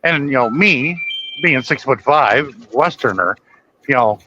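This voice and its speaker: Guy with a bright voice just rambling through a story, doing all the back-and-forth himself. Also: mid-range voice, expressive, measured pace, highs cut off, a little hiss or hum. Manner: rambling storyteller, acts out quoted dialogue. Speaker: guest storyteller. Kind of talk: casual chat.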